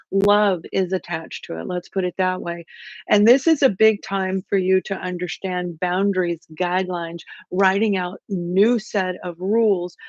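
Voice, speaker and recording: A woman hosts a live tarot reading in a chatty, animated way and greets viewers from the chat. Her voice sits at a middle pitch. The sound is dry and a little dull, like a home setup. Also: no echo. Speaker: tarot reader hosting a livestream.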